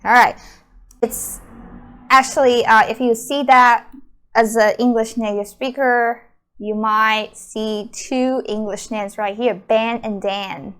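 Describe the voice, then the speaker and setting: A woman's voice: fairly high pitch, steady tone, slow pace, fairly bright tone, smooth. A young adult woman teaching a beginner Mandarin lesson, patiently repeating words and explaining each one. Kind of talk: slow beginner language lesson.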